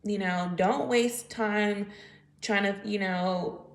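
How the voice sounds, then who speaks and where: Woman, 30s, American accent, casual vlogger, mid pitch, some vocal fry. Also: steady tone, slow. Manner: chatty and rambling, with many fillers. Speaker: vlogger on a live stream. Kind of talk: casual live-stream chat.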